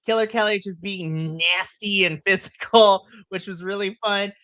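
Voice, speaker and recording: An excitable man co-hosting a wrestling podcast, full of swearing and loud acted-out reactions. His voice is bright and sits close and dry on the mic. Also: sits high, normal speed, dry recording. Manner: excitable, swears, animated retellings with shrieks and laughs. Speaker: podcast co-host. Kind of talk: casual wrestling recap chat.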